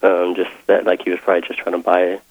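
A young man calling in to a radio advice show, talking hesitantly with many pauses and restarts. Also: deep voice, completely flat delivery, vocal fry, slight background noise. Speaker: caller. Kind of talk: phone call to radio show. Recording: tinny phone line.

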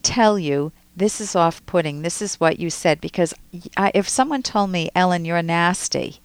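A woman's voice: fairly low pitch, animated, moderate pace, clear, resonant tone, no room sound. A woman hosting a call-in advice show as a psychologist, coaching a caller with probing questions. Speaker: radio psychologist host.

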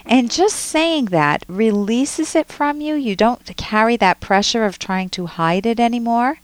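A woman's voice: on the high side, expressive, unhurried, no room sound. A woman hosting a call-in advice show, coaching a caller directly and acting out examples. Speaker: radio advice show host.

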